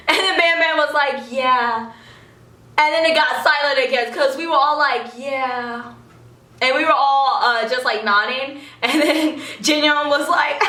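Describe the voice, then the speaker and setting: A young woman excitedly telling a story in a vlog, giggling and acting out what people said. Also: a little high, reverberant, far from the mic. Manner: gushing, giggly, acts out quotes.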